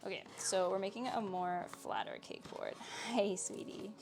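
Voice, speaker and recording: A woman's voice: mid-range voice, sing-song, moderate pace, creaky, noisy background. A woman filming a casual home vlog in her kitchen, chatting to her dogs in a sing-song pet voice. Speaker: vlogger.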